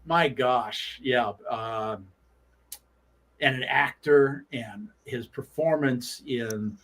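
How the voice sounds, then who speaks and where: A man guesting on a sports talk show and telling stories with lively energy, his voice sitting at an ordinary middle pitch. He stops and restarts his sentences often. He slips into the voices of the people he quotes. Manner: animated, acts out quoted lines; halting with frequent restarts. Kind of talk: anecdotal storytelling on sports radio.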